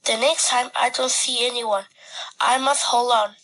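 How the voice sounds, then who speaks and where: A woman's voice: fairly high pitch, fairly even intonation, a little slow, a bit bright, rough recording. A woman reading a first-person story aloud in simple, earnest short sentences.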